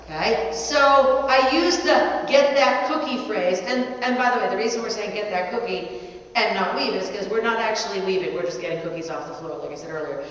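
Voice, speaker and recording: A woman's voice: medium pitch, fairly quick. Chatty woman dog trainer, echoey and distant. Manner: chatty, breaks off to cheer and coax her dog. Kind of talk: instructional demonstration. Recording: distant, echoey, muffled, faint ambient noise.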